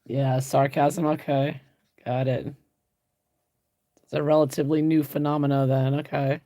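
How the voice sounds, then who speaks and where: A woman's voice: deep voice, flat delivery, normal speed, warm tone. A woman hosting an art livestream, chatting casually and answering viewer comments while she paints, often laughing.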